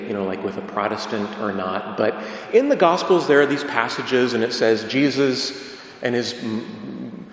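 Man preaching a sermon in a church, chatty and emphatic, lots of rhetorical questions, big echoey hall with long reverb. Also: mid-range voice. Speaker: Catholic preacher.

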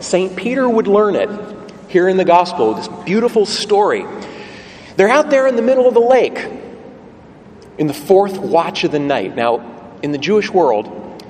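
A man preaching a sermon, telling the story vividly and putting rhetorical questions to the congregation. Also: fairly high pitch. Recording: long church reverb, faint ambient noise.

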